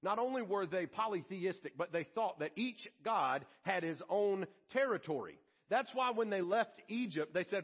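Male pastor, high and husky, dramatic delivery, dull lo-fi sermon recording. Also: expressive, moderate pace. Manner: dramatic preaching, swings from hushed to emphatic.

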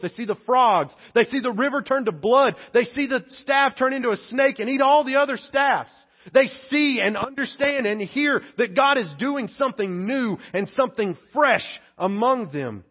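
A pastor preaches in a conversational style, his high-register voice carrying a breathy edge. He sinks into hushed tones, then climbs to emphatic peaks, occasionally acting out little asides. The recording is dull and lo-fi.

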